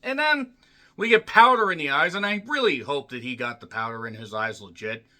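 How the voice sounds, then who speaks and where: A man reviewing a wrestling show in a profane, angry rant that swings between yelling and muttering. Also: a little high, fairly quick.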